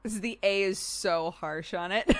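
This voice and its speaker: A woman hosting a live stream in casual chat, giggly and chatty, laughing often. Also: mid-range voice. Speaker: streamer host.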